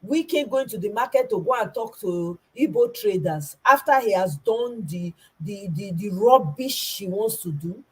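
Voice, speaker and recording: A woman's voice: mid-range voice, expressive, a little slow, few pauses, slightly rough, rough recording. A Nigerian woman giving an impassioned political commentary, stressing her points by repeating them. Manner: emphatic, repeats herself for stress.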